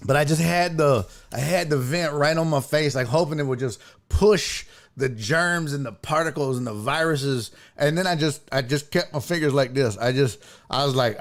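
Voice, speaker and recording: A man hosting a live stream, telling a long, profane story with lively swings in pitch. His voice sits a bit high for a man. He talks in a casual, ranting way. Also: moderate pace. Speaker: host.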